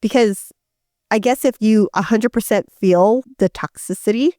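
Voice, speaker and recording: A middle-aged woman co-hosts a relaxed podcast conversation, talking emphatically and circling back on herself with restarts. Her voice sits at an ordinary pitch for a woman. The sound is close and dry, with no room echo. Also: unhurried. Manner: emphatic, many restarts and fillers. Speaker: podcast co-host. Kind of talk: casual chat.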